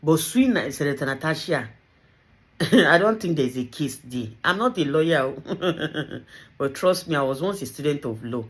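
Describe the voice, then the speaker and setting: Animated Nigerian woman vlogger. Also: sits low, unhurried. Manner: animated, teasing, mixes in Yoruba phrases, laughs often. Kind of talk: casual commentary to camera.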